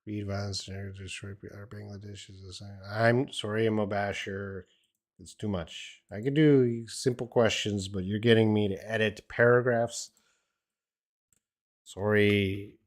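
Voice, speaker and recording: A man's voice: on the low side, fairly even intonation, unhurried. A man teaching English in a live-stream Q&A from home, answering viewers in a blunt, opinionated, teasing way.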